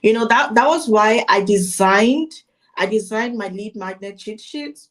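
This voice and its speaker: A woman marketing coach telling client stories in casual, animated conversation. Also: mid-range voice, unhurried. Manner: animated storytelling, voices her clients.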